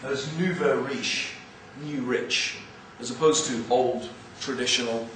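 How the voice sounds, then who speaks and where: An English man with a mix of upper-class and East London accents gives an animated, joking religious lecture to an audience. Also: mid-range voice, slow pace, slight background noise. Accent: English, mixed with East London. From England. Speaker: Islamic speaker. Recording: very echoey hall, mic far off.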